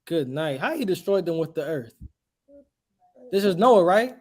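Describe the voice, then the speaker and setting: A man's voice: high-pitched, very animated, a little slow, darkish tone. A man preaching a street sermon in an emphatic, questioning way, throwing rhetorical questions at his listeners.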